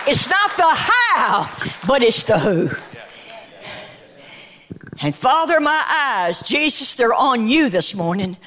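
A middle-aged woman preacher delivering a sermon in a rhythmic cadence that builds to shouts, then shifts into storytelling. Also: sits high, big pitch swings, slow pace, pauses often, a faint crowd.

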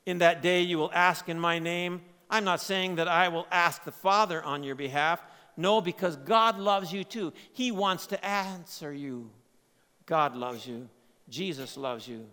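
A man preaching a sermon, swinging between loud emphatic lines and quiet, low asides. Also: normal speed, smooth. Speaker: pastor. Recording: long hall reverb.

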